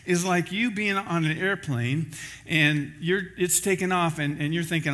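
A man's voice: a little high, normal speed, a bit bright. A man preaching a sermon as pastor, in a conversational style with everyday examples.

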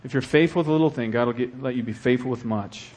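A middle-aged male pastor preaching a sermon with animated delivery and acted asides. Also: mid-range voice, fast.

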